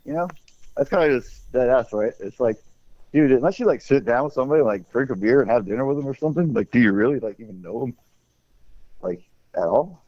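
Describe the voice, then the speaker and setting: A man with a mellow, dark tone rambles bluntly through a casual podcast chat, swearing freely. The recording sounds dull and lo-fi. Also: medium pitch, lively intonation, fairly quick, dry recording. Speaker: podcast co-host.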